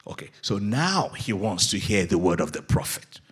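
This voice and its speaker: A man preaching a sermon as pastor, telling a Bible story in a jokey, animated way with a husky voice. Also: deep voice, normal speed.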